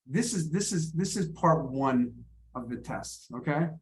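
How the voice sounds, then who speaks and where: A man coaches an English class over a video call, encouraging and quick to repeat his words. His voice sits on the higher side for a man. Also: lively intonation, darkish tone. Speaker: English teacher.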